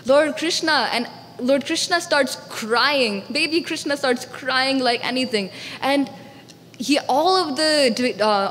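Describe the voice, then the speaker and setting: A woman telling a devotional story to a congregation, animated and acting out the characters. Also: high-pitched, in a large hall, slight background noise. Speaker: storyteller speaker. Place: temple hall.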